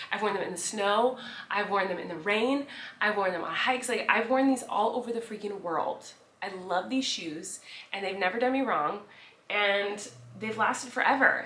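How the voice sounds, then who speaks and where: A bright, forceful woman in her thirties chats to her viewers in a loose, rambling way, stacking "like" and "um" as she goes. Her voice carries a roomy echo. Faint background noise sits under it. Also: medium pitch. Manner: rambling, animated, lots of fillers and "like". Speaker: vlogger. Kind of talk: casual chatty vlog storytelling.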